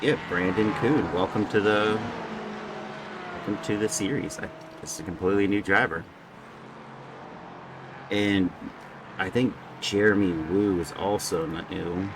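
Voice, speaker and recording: Man, race commentator, joking and chatty, deep voice, steady hum in the background. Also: measured pace, pauses often. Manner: joking, chatty, stumbles over names. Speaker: sim racing commentator. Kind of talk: casual live race commentary.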